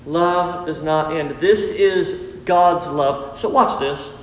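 A man speaks slowly in a voice on the high side, preaching as pastor in a church sanctuary. He's earnest and repetitive, calling on listeners to respond, with roomy hall reverb around him.

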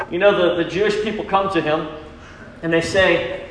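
High-voiced preacher in an echoey hall. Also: male voice, steady tone, normal speed, slight background noise. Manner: emphatic preaching with call-and-response questions. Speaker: pastor. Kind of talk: sermon. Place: church sanctuary.

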